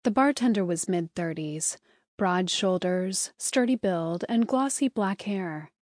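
A woman narrating an audiobook in smooth, even scripted storytelling, recorded close on a studio mic. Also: fairly low pitch, slow, dry recording.

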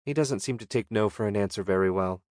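A man voicing a calm, kind young woman in an audiobook, speaking gently. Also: on the low side, fast, no room sound, studio quality, natural voice. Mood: gentle.

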